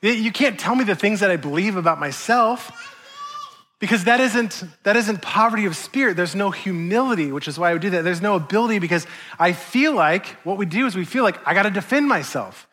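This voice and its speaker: A male pastor preaching a sermon in a conversational, humorous and animated way. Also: high-pitched, brisk.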